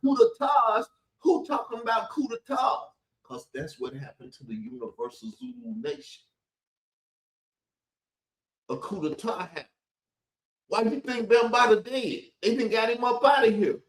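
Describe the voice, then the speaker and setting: A man's voice: extremely high pitch, very animated, normal speed, long pauses, reverberant, poor audio. A man hosting a rambling commentary video, talking in a combative, colloquial and repetitive way. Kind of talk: rambling commentary on played clips.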